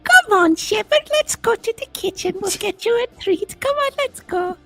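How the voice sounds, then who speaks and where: A man putting on a high, cooing old-lady voice to talk sweetly to his dog. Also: lively intonation, moderate pace, gravelly, a bit bright, faint music behind, exaggerated voice. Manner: cooing, sing-song.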